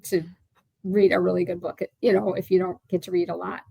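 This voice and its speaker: A woman's voice: lowish voice, level tone, fast talker, vocal fry, dark tone, slightly rough, dry recording, low-quality recording. A woman in her sixties, an author being interviewed, talking in a chatty, rambling way with lots of fillers and restarts. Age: 60s. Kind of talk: casual interview chat.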